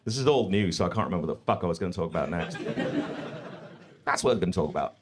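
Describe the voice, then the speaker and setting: A man doing a live stand-up set in a comedy club, profane and animated, speaking into a stage mic. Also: deep voice, rapid-fire, background noise. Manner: profane, animated, mock-confident.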